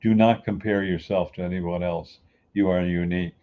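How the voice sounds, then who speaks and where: A motivational speaker who grew up on the US East Coast talks at normal speed in a low-pitched voice with fairly even intonation. Folksy and emphatic, he acts out everyday people during the talk. It sounds like phone-quality audio.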